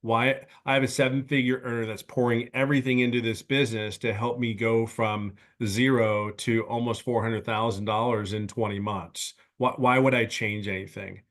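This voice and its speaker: A man in his fifties giving a heartfelt personal testimonial on a webinar video call, speaking earnestly in halting, restarting sentences. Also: mid-range voice, little pitch movement, a bit bright.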